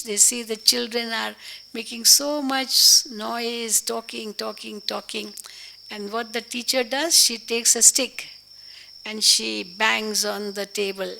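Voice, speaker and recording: A woman teaches a spiritual class in a bright, gravelly voice. She leans hard on key phrases, says them again, and poses rhetorical questions. Faint crickets chirp in the background. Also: medium pitch, slight background noise, poor audio.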